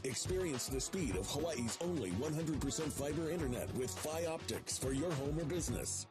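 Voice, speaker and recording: A man reading sponsor announcements in a crisp promotional tone. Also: a little high, lively intonation, moderate pace, music in the background. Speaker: broadcast announcer.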